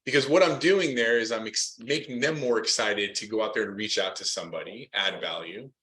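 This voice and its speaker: A man hosting a casual interview about loan work, upbeat and quick to agree, sometimes tripping over his words. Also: on the low side, sharp tone. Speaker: loan officer training host.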